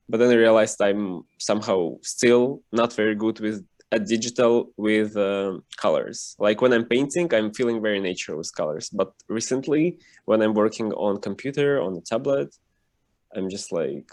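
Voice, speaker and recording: A man who is a cartoonist, guest in a casual interview over a video call, talking with lots of fillers and lively emphasis. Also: mid-range voice, a little slow.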